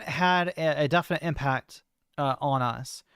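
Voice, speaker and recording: A woman's voice: deep voice, measured pace, a bit bright, smooth, no echo. A trans woman streamer talking in a casual, hesitant monologue, full of fillers and restarts, into a close desk mic. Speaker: streamer host.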